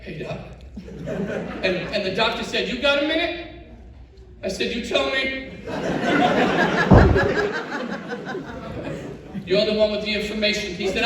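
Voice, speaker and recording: A middle-aged male stand-up comic performs an animated storytelling set in a lively, high voice. The sound is roomy and echoey, caught from a distance with audible background noise. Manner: animated storyteller acting out dialogue. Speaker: stand-up comedian. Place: comedy show stage. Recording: echoey live room from far off, noisy. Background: audience laughter.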